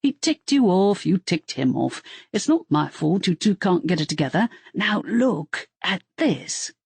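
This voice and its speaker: A woman's voice: on the low side, very animated, unhurried, darkish tone, breathy edge, no echo, full character voice. A woman voicing a cheerful male werewolf family man who rambles on about his kids. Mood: chatty.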